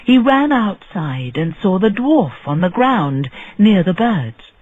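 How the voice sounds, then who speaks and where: A man telling a story in slow, deliberate audiobook narration for English learners. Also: high voice, very animated, no echo, narrow, tinny audio. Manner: clear, deliberate phrasing.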